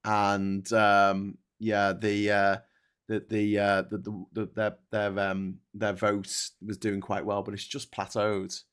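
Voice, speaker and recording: A man's voice: fairly low pitch, monotone, takes it slowly, a bit bright, clear, resonant tone. A man hosting a casual chat show, chatty, swearing freely and laughing often. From England. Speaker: host.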